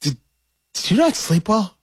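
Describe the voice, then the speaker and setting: Husky-voiced teasing male co-host. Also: high voice, very animated, unhurried. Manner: teasing, stammering restarts. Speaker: podcast co-host. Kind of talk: casual chat.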